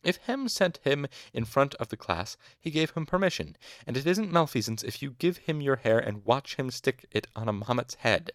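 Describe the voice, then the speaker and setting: A man's voice: medium pitch, lively intonation, normal speed, few pauses, no room sound, clean studio sound, voice pushed up, natural voice. A man doing a dogged old physician. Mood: firm. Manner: dogged, stern.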